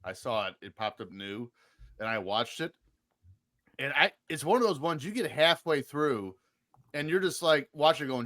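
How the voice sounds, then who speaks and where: Male podcast co-host, bright lively voice, opinionated and profane in casual chat. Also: a little high, moderate pace, dry recording, clean studio sound. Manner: animated, swears freely, argues his point.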